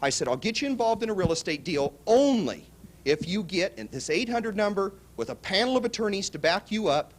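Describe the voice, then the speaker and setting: Male seminar pitchman, high voice that swoops all over, acts out every exchange in his stories. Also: brisk. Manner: animated storytelling, acts out both sides of dialogue. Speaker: seminar speaker. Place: seminar hall before a live audience.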